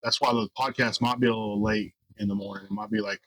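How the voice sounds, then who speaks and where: A young man with a slightly husky voice rattles along quickly in casual podcast chat. He rambles, circling back to his point as he tells stories. It sounds like a relaxed conversation recorded outdoors. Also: lowish voice, no room sound, rough recording. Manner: rambling storyteller, animated when retelling. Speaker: podcast co-host.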